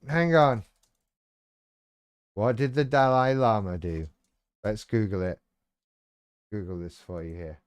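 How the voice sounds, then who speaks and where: A man's voice: on the low side, slow, long pauses, smooth, dry recording. A man hosting a live stream, chatting casually in a rambling, irreverent, sweary way and reacting to viewers' comments.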